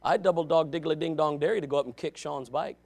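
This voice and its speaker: A Baptist pastor preaching a fervent sermon, swinging between quiet asides and shouts. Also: male voice, a little high, fast, vocal fry.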